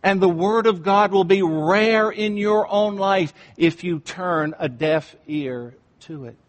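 Man preaching a sermon, fairly high voice, long reverb all around, slow careful delivery that sinks quiet for emphasis. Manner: slow and deliberate, dropping to near-whispers for emphasis. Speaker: pastor. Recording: long reverb in a large room.

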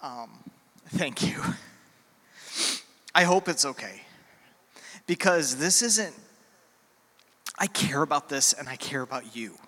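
Earnest pastor preaching in a reverberant church. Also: male voice, fairly high pitch, pushed and bright. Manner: earnest, heartfelt, with pauses and fillers. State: emotional, near tears. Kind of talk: sermon. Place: church sanctuary. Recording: church hall with long reverb.

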